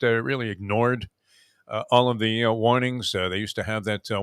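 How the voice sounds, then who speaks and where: An older man hosting a morning radio show, telling rambling stories with lots of "uh" fillers and shouting out quoted lines. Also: on the low side, no room sound, clean studio sound. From South Florida resident for over forty years. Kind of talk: casual morning radio chat.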